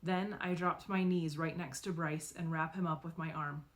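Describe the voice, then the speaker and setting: A woman narrating a novel in the first person, expressive and acting out the dialogue. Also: low-pitched, moderate pace. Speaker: audiobook reader.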